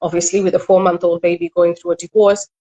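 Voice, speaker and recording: In a rough recording, a middle-aged woman from Kenya who works as a relationship coach talks openly and thoughtfully during an interview. Her lowish voice is warm with little pitch movement, and her earnest manner is broken up by quick asides.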